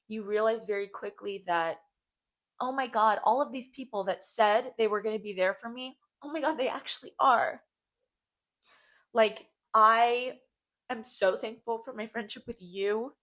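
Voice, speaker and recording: A woman's voice: on the high side, moderate pace, a bit bright. A young woman co-hosting a casual podcast, talking in a heartfelt way, repeating phrases and saying "like" often. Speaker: podcast co-host.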